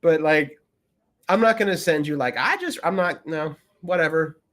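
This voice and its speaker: A man co-hosting a podcast in casual chat, rambling with many fillers and often trailing off quietly. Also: a little high, moderate pace. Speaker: podcast co-host.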